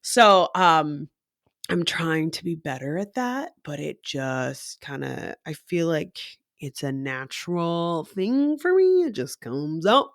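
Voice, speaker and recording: Lively low-voiced woman rambling casually. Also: takes it slowly, no room sound, clean studio sound. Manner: rambling, swears freely, laughs often. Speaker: coffee shop worker. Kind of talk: casual solo monologue.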